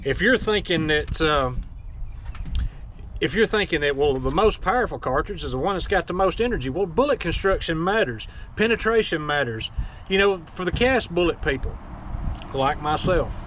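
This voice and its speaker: A man's voice: a little high, animated, normal speed, fairly bright tone, a little hiss or hum. A man, blunt and scolding as he rants to his audience with folksy, mocking asides. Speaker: firearms vlogger. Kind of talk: opinionated rant to camera.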